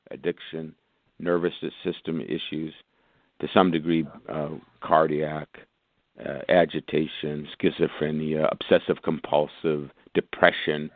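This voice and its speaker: A man's voice: extremely low pitch, steady tone, measured pace, no echo. A male physician guest talking with enthusiasm on a phone interview, rambling through long lists. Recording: tinny phone line, dry.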